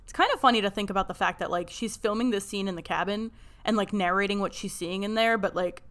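A woman's voice: mid-range voice, fairly bright tone. A young adult woman co-hosting a casual podcast, chatty and hedging, recapping and discussing a show. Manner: chatty, hedging, quick to laugh. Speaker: podcast co-host.

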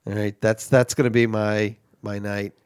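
A man's voice: fairly low pitch, flat delivery, normal speed, smooth, no room sound, studio quality. A man hosting an improvised comedy podcast, flustered and rambling, laughing often. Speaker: podcast host.

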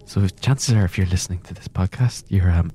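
Hushed shushing man over whale song. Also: low-pitched, fairly quick. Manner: hushed, shushing, exasperated whisper. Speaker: podcast host. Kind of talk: comedic mock-calming whisper bit. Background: whale song music.

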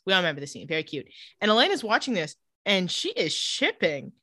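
Bright, giggly woman recapping. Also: fairly low pitch, brisk, dry recording. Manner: lively, giggly, acts out quoted lines. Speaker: podcast co-host recapping a TV episode. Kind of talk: casual chat recap.

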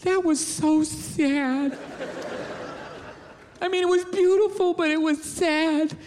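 A man voicing his sentimental wife, stretching her words out slowly and high. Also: fairly even intonation, a little mellow, slight background noise. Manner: drawn-out, sentimental. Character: tearful, gushing wife, soft and sentimental.

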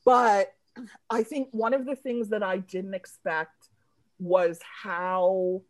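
A woman comedy writer in a loose podcast chat, swearing freely and breaking into giggles as she tells her stories. She talks at an unhurried, drawn-out pace. The voice sounds close and dry, with no room around it. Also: medium pitch, fairly even intonation, no room sound. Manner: profane, giggly storyteller who laughs mid-sentence.

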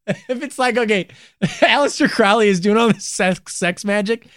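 A man's voice: high-pitched, a little slow, a bit bright, dry recording, studio quality. A man co-hosting a podcast in casual, crude, joking chat, and laughing often. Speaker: podcast co-host.

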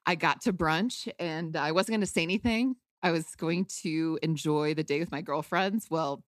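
A woman's voice: low voice, fairly bright tone, dry recording, clean studio sound. A woman hosting a podcast, candidly telling a personal story in an emotional, outspoken way with casual swearing. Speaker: podcast host.

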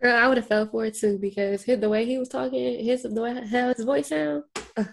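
A woman's voice: on the high side, steady tone, brisk, creaky. A woman co-hosting a podcast, giggly and gushing, in slangy casual chat. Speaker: podcast co-host.

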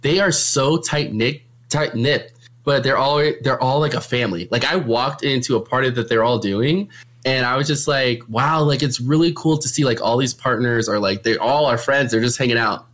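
A young man talks casually and chattily, laughing often and leaning on filler words. His pitch sits at an ordinary middle height. He speaks as a streamer answering viewer questions. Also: moderate pace, fairly bright tone. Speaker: streamer and meetup organizer. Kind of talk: casual chat.

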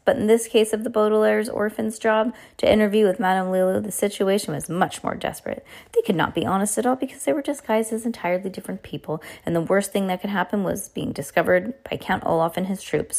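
Casting: woman reading aloud, homey, a bit low-pitched, with casual slips. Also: a little mellow. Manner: reads plainly with small slips and self-corrections. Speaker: storyteller reading to children. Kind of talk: casual read-aloud of a children's book.

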